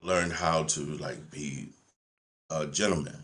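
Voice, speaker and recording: A man's voice: extremely low pitch, takes it slowly, fairly bright tone, slightly rough. A middle-aged man chatting on a podcast, telling family stories with laughs and many fillers. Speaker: guest, parent. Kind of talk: casual podcast chat.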